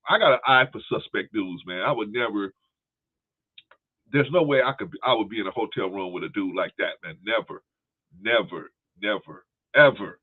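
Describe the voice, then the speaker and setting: A man's voice: fairly low pitch, normal speed. A man hosting a livestream, giving casual commentary, laughing often and peppering his talk with "man" as he thanks viewers for donations. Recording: tinny phone-like audio.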